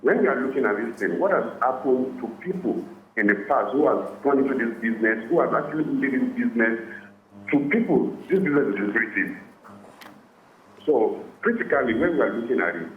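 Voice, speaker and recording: A man calling in to a radio talk show. He talks haltingly, repeats words and keeps asking if he is understood. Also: mid-range voice, animated. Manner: halting, repeats words, asks "are you getting it?". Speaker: caller. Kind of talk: phone-in comment. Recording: muffled, roomy phone line with faint noise.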